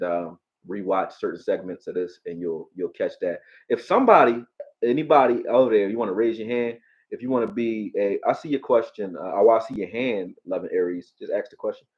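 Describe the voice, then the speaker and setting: Man, philadelphia accent, live-stream sports host, profane, animated, muffled lo-fi mic. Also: on the low side, fairly quick. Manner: profane, animated, talks back to chat. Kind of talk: live-stream football breakdown.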